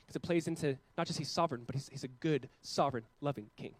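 A man in his thirties preaching a sermon as a pastor, earnest, with loud emphatic peaks and quiet, slowed passages. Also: fairly high pitch, poor audio.

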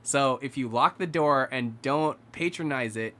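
A man telling a ghost story to friends in a casual chat, acting out the characters' lines and dropping to a hushed voice at tense moments. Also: medium pitch, measured pace.

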